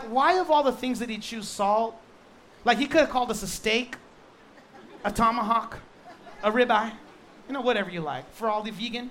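In a very high-pitched voice, a male pastor delivers a lively, joking sermon, driving his points home with quick, repeated restarts. There is slight background noise.

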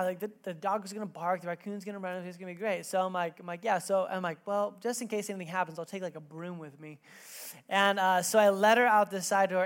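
A man in his thirties preaching a sermon in a church, telling a personal story with lively acted-out quotes before reading scripture. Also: high-pitched. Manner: animated storytelling, acts out quotes with raised voice. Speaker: pastor.

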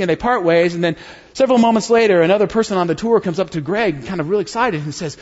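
A male pastor with a slightly raised voice gives a relaxed, story-driven sermon and speaks to the congregation as friends. His voice rings through a large hall with long reverb. The recording sounds a little dull and muffled. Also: sits high, fast talker. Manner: conversational, storytelling, addresses listeners as friends.

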